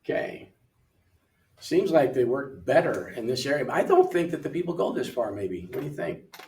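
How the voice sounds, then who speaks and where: An older man working through an English app lesson in a relaxed way, thinking aloud and reading words off the screen, recorded from away from the mic in a room. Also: mid-range voice, moderate pace, far from the mic. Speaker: missionary English tutor. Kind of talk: casual walkthrough of an app lesson. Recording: roomy sound from away from the mic.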